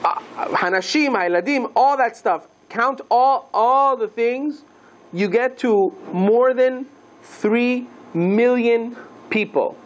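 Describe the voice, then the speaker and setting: A man teaching a class as a rabbi, lively and playful, asking the listeners questions and mixing Hebrew terms into his lesson. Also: extremely high pitch, slow pace, a little hiss or hum, low-quality recording.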